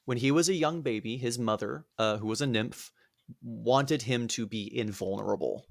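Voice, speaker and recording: A man's voice: medium pitch, moderate pace, vocal fry, no echo, clean studio sound. A man hosting a podcast, retelling a myth in a casual, rambling comic way. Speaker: podcast host. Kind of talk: comic storytelling.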